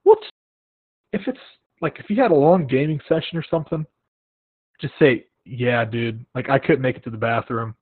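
Husky young man telling stories on a tinny line. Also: mid-range voice, moderate pace. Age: young adult. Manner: animated storytelling with acted-out quotes. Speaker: podcast host. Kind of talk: casual chat. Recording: tinny phone-like line, dry.

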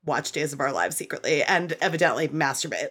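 A woman's voice: deep voice, animated, fairly quick, a bit bright, slightly rough. A woman hosting a podcast, talking casually with many filler words and plenty of swearing. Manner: chatty, profane, frequent "like" fillers. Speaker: podcast host. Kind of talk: casual chat.

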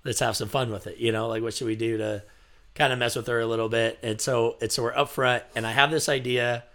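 A man's voice: medium pitch, fairly even intonation, quick pace, a bit bright. A man telling a bartending story in casual chat, full of fillers and bursts of laughter.

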